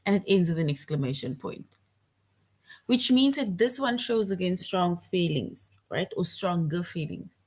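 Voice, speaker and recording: A woman teaches a children's grammar lesson online. She is patient and goes over each point more than once. She often checks in with a quick "right?". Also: on the low side, lively intonation, husky.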